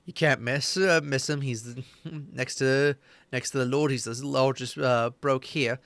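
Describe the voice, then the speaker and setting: A man's voice: medium pitch, fairly even intonation, measured pace, a bit bright, no echo. A man voicing a smug, bossy male halfling bandit lieutenant who sounds laid-back as he gives orders.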